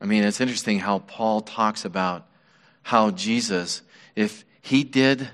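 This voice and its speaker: A man preaching a sermon as pastor, earnest and measured, his voice dropping softly on key words. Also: on the low side. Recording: long reverb of a large hall.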